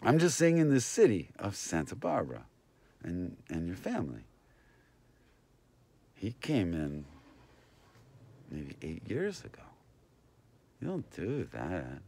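A man's voice: medium pitch, creaky, mellow, husky. A man hosting a casual, rambling vlog, meandering between talking to viewers and to people nearby. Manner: meandering, talks to viewers and passersby. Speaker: vlogger and host.

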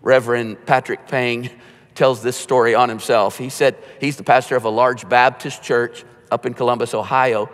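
A man preaching a sermon as pastor, conversational, with joking asides and quietly told stories. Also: medium pitch, fairly even intonation, normal speed. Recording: long hall reverb.

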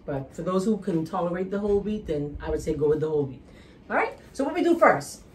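A woman's voice: lowish voice, sing-song, fast talker, darkish tone. A Bahamian woman hosting a cooking show from her kitchen, chatting in a bubbly, teasing way. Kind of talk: lively cooking show chat. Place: home kitchen.

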